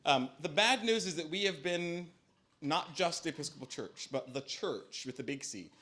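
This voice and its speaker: A middle-aged man with a slightly high voice, speaking as a bishop at a parish forum. He talks in an easy, conversational way with filler ums and wry self-deprecating humor. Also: animated, moderate pace, sharp tone. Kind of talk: church forum Q&A answer. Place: church hall.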